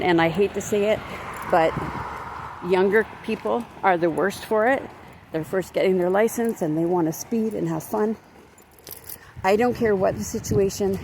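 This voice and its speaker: A woman vlogger and crisis worker, ranting indignantly to a handheld phone while walking her dog on a neighborhood street, rambling with many restarts. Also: medium pitch. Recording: outdoor street noise.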